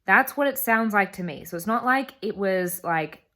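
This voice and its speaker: A woman's voice: mid-range voice, lively intonation, moderate pace, fairly bright tone. A young woman telling a personal story in earnest, emphatic vlog voice-over. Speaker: travel vlogger.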